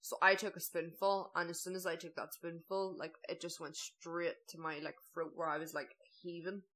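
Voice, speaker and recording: A young woman recounts a story in relaxed, chatty conversation. Her voice sits on the low side, and she stretches words out for emphasis and fills her speech with "like". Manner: chatty, lots of "like", drawn-out emphasis. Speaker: podcast co-host. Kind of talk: casual storytelling chat.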